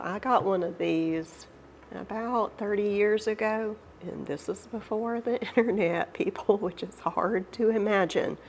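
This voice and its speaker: Middle-aged Southern woman, nasal from a cold, gravelly and slow, gentle devout host. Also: fairly low pitch, a little hiss or hum. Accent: Southern American. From Georgia, USA. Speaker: channel host. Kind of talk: casual tea-time Bible study chat.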